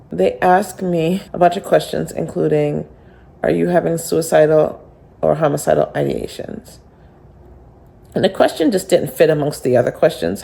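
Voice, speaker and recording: A middle-aged woman with a strongly gravelly, fry-laden voice tells a personal story to camera. Her tone is dark and mellow, and she rambles candidly, slipping into the voices of people she quotes. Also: low-pitched. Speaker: homeschool director.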